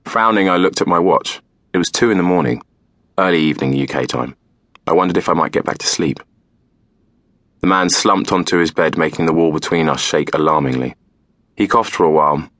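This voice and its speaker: A man narrating a novel in the first person, calm and measured. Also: a bass voice, no echo, clean studio sound. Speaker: audiobook narrator.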